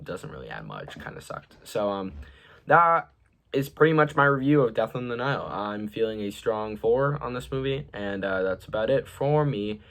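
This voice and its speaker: A young man giving a casual, rambling movie review, full of fillers, his voice trailing off at the ends of sentences. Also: lowish voice.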